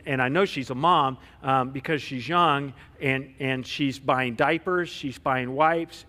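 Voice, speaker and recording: A man's voice: medium pitch, pushed and bright. A man preaching a sermon as pastor, telling stories conversationally with frequent restarts. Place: church sanctuary. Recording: long reverb of a church hall.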